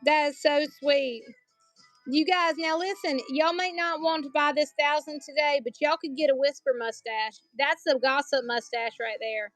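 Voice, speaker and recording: A woman's voice: high voice, steady tone, normal speed, a bit bright, no echo, soft background music. A woman selling collectible banknotes on a live stream, chatty and joking, calling her viewers y'all.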